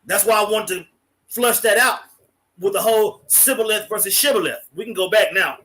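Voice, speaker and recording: A man with a high, bright voice teaches in an informal study group. He drives his points home bluntly, with slang and curses. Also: normal speed, poor audio. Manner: emphatic and blunt, with slang and profanity. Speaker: Bible class teacher. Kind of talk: emphatic casual teaching.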